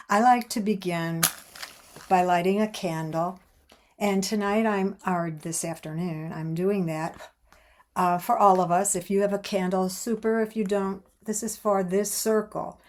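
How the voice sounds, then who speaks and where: Slow, thoughtful woman on a video call. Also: medium pitch, darkish tone. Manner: slow, thoughtful, halting with restarts. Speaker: opening speaker. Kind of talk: reflective reading and introduction.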